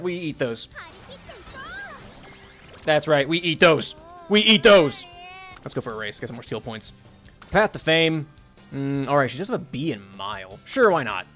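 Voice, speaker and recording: Chatty male streamer, very expressive pitch, giggly, faint chiptune bed. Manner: chatty, animated, giggly, swears casually. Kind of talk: casual gameplay commentary.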